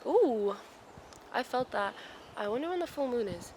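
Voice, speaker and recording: A young woman chats into the camera in a soft, reflective, rambling way, often trailing off and correcting herself. She records outdoors in a forest. Clear forest ambience sits audibly behind her voice. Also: on the high side, expressive, moderate pace, a little hiss or hum, low-quality recording. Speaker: vlogger. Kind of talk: casual vlog chat.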